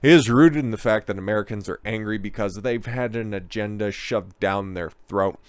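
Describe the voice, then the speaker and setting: A man's voice: fairly low pitch, moderate pace, smooth, dry recording. A man hosting his own online commentary show, ranting in a crude, sarcastic, profane way.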